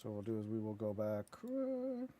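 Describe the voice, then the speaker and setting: A man's voice: lowish voice, completely flat delivery, very fast, mellow, slight background noise. A man chatting casually over a video game stream, telling rambling stories and swearing loosely as he plays. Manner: rambling storyteller, swears casually, laughs at his own stories. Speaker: gaming streamer. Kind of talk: casual gameplay commentary.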